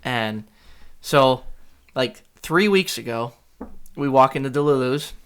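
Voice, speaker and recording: A man's voice: mid-range voice, lively intonation, slow pace, smooth. A young man telling an exasperated story on a casual podcast with friends. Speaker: podcast co-host.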